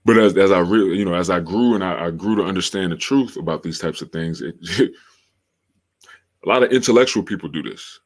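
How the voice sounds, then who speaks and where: Man, low deep voice, podcast host, casual livestream talk, slangy, repeats himself. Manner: slangy, drawn-out, repeats phrases for emphasis.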